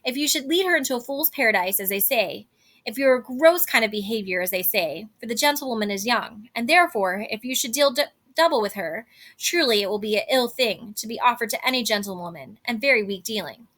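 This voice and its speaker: A woman's voice: fairly high pitch, lively intonation, brisk, a bit bright. A woman reading the part of a fussy, indignant old nurse in huffy old stage verse.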